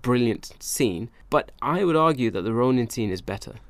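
A man talks casually through a film review, circling back and restarting his sentences. His voice sits at an ordinary middle pitch. The sound is dry and close, with no room echo. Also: expressive, normal speed. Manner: rambling, chatty, self-correcting. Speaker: film podcast co-host.

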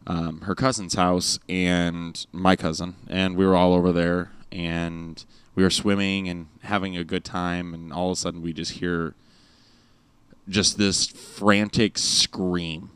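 Deep bass male dad-host, loose rambling storyteller, dry close mic. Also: little pitch movement, a little slow, a bit bright, smooth, dry recording. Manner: rambling, lots of fillers and restarts. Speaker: father and podcast host. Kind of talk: casual storytelling chat. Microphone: studio microphone with headphones.

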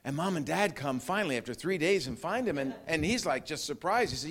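A middle-aged man preaching a sermon, acting out voices and quotes, shifting from loud commands to near whispers. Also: a little high, a little fast, few pauses. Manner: animated preaching, acts out quotes, growls and laughs. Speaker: pastor.

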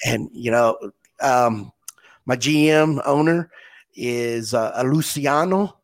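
A man hosting a podcast in casual chat, often stumbling and repeating words as he tells stories. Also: medium pitch. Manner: halting, repeats words while telling stories. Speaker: podcast host.

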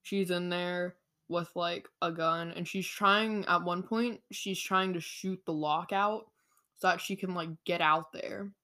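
A woman's voice: fairly low pitch, measured pace. Young woman chatting, full of "like". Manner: animated storytelling, lots of "like". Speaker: book discussion co-host. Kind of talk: casual chat retelling a novel.

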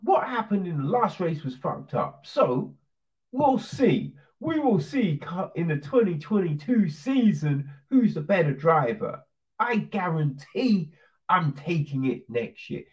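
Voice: medium pitch, big pitch swings, measured pace, a little mellow. A commentator delivering a profane, sarcastic, heated opinion rant. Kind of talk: ranting opinion monologue. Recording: distant dull lo-fi sound.

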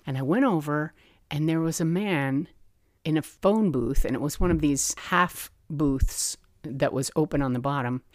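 A woman hosting her own podcast, telling a personal story in a lively way and acting out the voices she remembers. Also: low-pitched, no room sound, studio quality. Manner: animated, acts out remembered voices. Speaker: podcast host.

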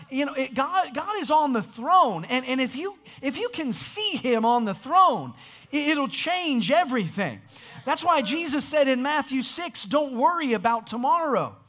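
A man preaching a sermon with energy, often repeating words as he restarts and building up to shouts. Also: extremely high pitch. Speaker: pastor.

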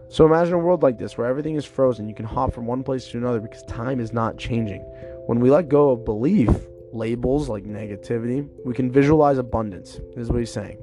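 A man's voice: mid-range voice, dark tone. A man in his twenties, congested from a cold, rambling loosely through a casual solo podcast. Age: 20s. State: stuffed up with a cold. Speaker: podcast host.

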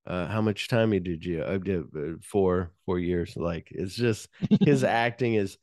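Low-voiced man recapping a movie. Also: a little slow, no room sound, clean studio sound. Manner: animated scene retelling, frequent swearing. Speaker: podcast host. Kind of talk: casual movie-discussion chat.

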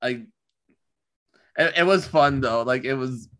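A man in casual podcast chat who talks haltingly, with many ums and restarts. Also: medium pitch, a bit bright.

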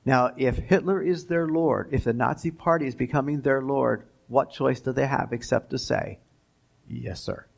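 Gravelly man giving a history lecture. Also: mid-range voice, steady tone. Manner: deliberate, pauses for asides and reads quotations. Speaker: guest lecturer. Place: school lecture.

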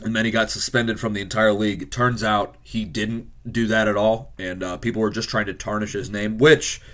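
A man hosting a casual football reaction video, frustrated and swearing, swinging from loud outbursts to low mutters. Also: level tone, a little fast. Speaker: sports fan reaction host.

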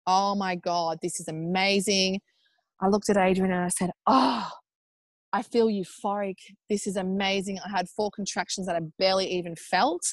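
An Australian woman in her thirties, a podcast guest telling a personal story in a casual, animated way, acting out what people said. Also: medium pitch, a little fast, dry recording. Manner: animated, acts out quoted speech in raised voices; chatty with frequent fillers like "like" and "um".

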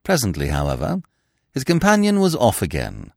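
Expressive male storybook narrator. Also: medium pitch, moderate pace, no room sound, clean studio sound.

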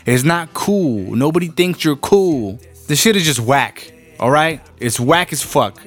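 A man's voice: fairly high pitch, unhurried, faint music behind. A young man from ranting bluntly and profanely in casual chat, telling stories with lots of energy. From Rio Grande Valley, Texas. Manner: blunt, profane, animated storytelling. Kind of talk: casual rant to camera.

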